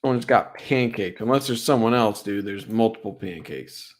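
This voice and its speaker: A young man with a fairly low voice talks through football plays on a casual stream. He gets excited over big hits and packs his talk with "like" and "right?". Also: moderate pace, few pauses. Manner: excitable, filler-heavy, lots of "like" and "right?". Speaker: sports streamer breaking down game film. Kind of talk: casual live-stream film breakdown.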